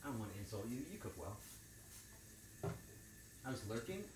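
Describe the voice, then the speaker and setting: A man's voice: lowish voice, moderate pace, reverberant, noisy background. A man livestreaming while he cooks, chatting casually and crudely with his viewers in a joking way. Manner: crude, joking, animated banter with chat. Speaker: streamer. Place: home kitchen.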